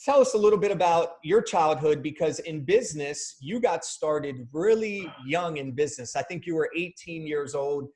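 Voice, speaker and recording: A podcast host, a man with a slightly higher voice than most men, asks his guest questions. He keeps it casual and prompts the guest to go back and tell his story. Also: expressive, normal speed, hardly any pauses, a little mellow. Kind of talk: interview questions.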